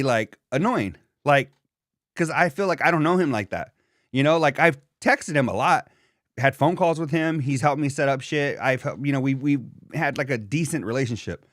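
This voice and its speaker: A man's voice: medium pitch, lively intonation, normal speed, a bit bright, no echo, clean studio sound. Rambling, foul-mouthed young podcast co-host, a man. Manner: rambling, profane storytelling with many fillers. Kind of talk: casual chat.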